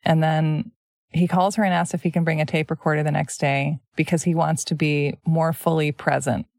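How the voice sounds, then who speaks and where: A woman host in casual chat, who reads from a book and talks in a thoughtful, measured way. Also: low voice, level tone, darkish tone, no echo, clean studio sound. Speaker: podcast host.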